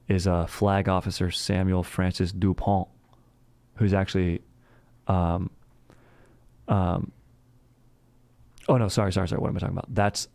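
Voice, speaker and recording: A man hosts a podcast and rambles through a history story in a relaxed, slangy way, full of fillers and restarts. His voice sits very low with a gravelly fry, and the recording is dry and close. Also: no echo. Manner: slangy and laid-back, says "dude" and "frickin'" a lot.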